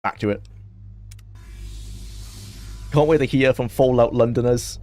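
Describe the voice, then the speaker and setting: Chatty young streamer. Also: male voice, medium pitch, a little slow, dark tone. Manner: chatty, laughs often, talks to chat. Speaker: game streamer. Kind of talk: casual live-stream chat.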